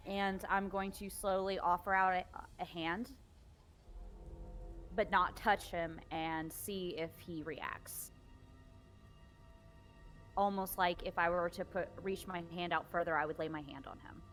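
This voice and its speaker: A woman's voice: on the low side, steady tone, a little slow, long pauses, fairly bright tone, soft background music. A woman player describing her character's actions step by step in a tabletop game. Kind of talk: tabletop role-play.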